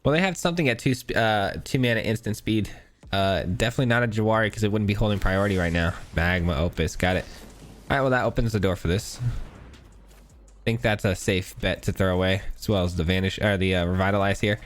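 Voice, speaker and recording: A man's voice: on the low side, fairly quick. A male gaming host with a stuffy nose, giving casual, chatty commentary while he plays and thinks aloud. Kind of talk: gameplay commentary.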